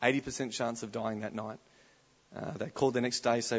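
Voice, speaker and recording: A male preacher delivering a sermon, his delivery swinging between hushed storytelling and sudden loud declarations. His voice sits at a medium pitch, and the live recording sounds a little dull and muffled. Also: a little fast. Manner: animated, swings from soft to loud exclamations. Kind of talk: conference sermon.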